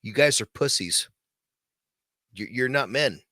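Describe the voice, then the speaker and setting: A man's voice: medium pitch, a little slow, bright, forceful tone, no room sound, studio quality. A man hosting his own podcast, ranting casually in a profane, rambling, heated way. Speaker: podcast host. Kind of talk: casual late-night rant.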